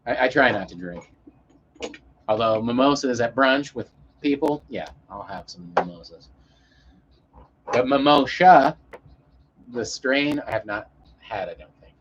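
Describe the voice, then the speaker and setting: A man's voice: mid-range voice, animated, a little slow, long pauses, muffled recording, noisy background. A man chatting casually on a live stream, rambling and swearing in an easygoing way.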